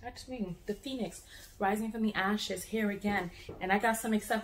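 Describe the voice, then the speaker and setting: An American woman talking to camera in a casual travel vlog, an animated storyteller who restarts and repeats words as she goes. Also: medium pitch, moderate pace, echoey room. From United States. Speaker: travel vlogger.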